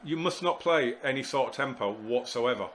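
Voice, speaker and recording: A man's voice: mid-range voice, expressive, moderate pace, slight background noise. Man commentating his football sim. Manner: exasperated, talks to himself, bursts into shouts at goals. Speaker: gaming YouTuber. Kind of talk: live commentary on a football management game.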